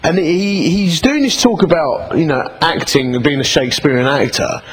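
A middle-aged man with an Essex accent giving a humorous personal testimony to an audience, telling it as lively comic storytelling and acting out both sides of the dialogue. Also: on the high side, normal speed, poor audio. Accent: Essex English. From England. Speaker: speaker giving his testimony.

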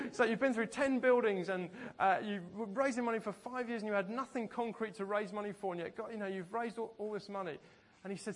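Storytelling male pastor. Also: high-pitched. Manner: storytelling, conversational, often laughing. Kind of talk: sermon.

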